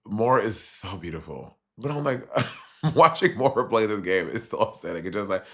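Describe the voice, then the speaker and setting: A man chatting casually on a livestream as he reacts to a reality show, animated and profane, with sudden jumps in pitch. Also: normal speed. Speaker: streamer reviewing a reality show.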